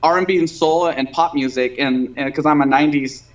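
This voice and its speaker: A man in his thirties talks in a casual interview, rambling through fillers and restarts. His voice sits a little high for a man. The sound is dull and lo-fi, like a streamed call. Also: brisk. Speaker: guest singer.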